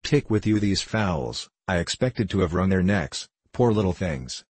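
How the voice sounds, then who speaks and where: Brief: motherly older village woman, voiced by a male reader, low husky tone, full of advice. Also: animated, a little slow, a little mellow, full character voice. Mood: advising. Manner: motherly, advising. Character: older village mother, bustling and self-assured.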